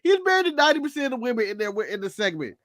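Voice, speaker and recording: Lively, joking American man on a dry mic. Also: very high-pitched, rapid-fire, dry recording. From United States. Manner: animated, joking, mimics people and laughs at his own bits. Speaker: podcast co-host. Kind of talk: casual wrestling recap chat.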